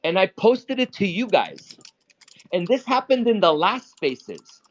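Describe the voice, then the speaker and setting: A man's voice: sits high, huge pitch swings, a little slow. A man hosting a casual live trading talk, blunt and profane, who often repeats and restarts his words. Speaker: stock trading host. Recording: dull lo-fi audio.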